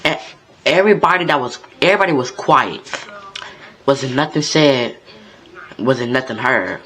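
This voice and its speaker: A man's voice: mid-range voice, normal speed, a bit bright, poor audio. A young man from North Carolina, telling a story in a laid-back, conversational vlog style. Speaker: vlogger.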